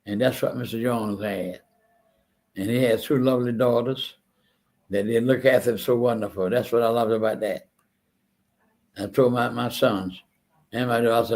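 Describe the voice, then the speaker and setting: A man's voice: medium pitch, moderate pace, a little mellow. An older man hosting a talk show, telling stories in a rambling, earnest monologue, often repeating words, and saying he feels a little unwell. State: feeling unwell. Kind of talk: casual monologue.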